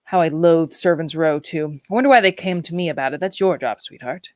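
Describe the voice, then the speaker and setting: A woman doing a brusque gentleman husband. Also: low voice, a little fast, no echo, clean studio sound, close to an everyday voice. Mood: exasperated. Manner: clipped, exasperated. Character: brusque upper-class English husband, impatient.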